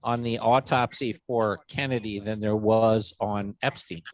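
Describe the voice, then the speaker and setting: A man co-hosting a casual podcast, swearing freely and jumping high for quoted voices. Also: unhurried. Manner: animated, swearing, jumps pitch for quoted voices. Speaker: podcast co-host.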